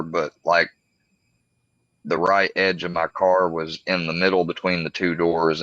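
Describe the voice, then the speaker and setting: A man with a very low, bright, forceful voice, talking in a halting, rambling way on a casual livestream panel. The recording is dry and a little dull and lo-fi. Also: no echo.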